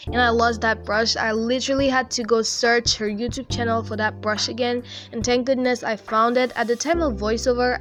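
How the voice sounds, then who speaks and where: A young woman giving a chatty, relaxed voice-over about her digital art. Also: fairly high pitch. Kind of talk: casual voice-over narration. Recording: faint music behind.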